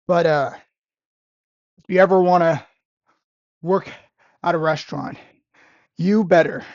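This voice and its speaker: A woman's voice: low-pitched, no echo. A young woman, a restaurant busser, ranting in a vlog monologue with sarcastic exasperation and repeated phrases. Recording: dull, lo-fi and dry.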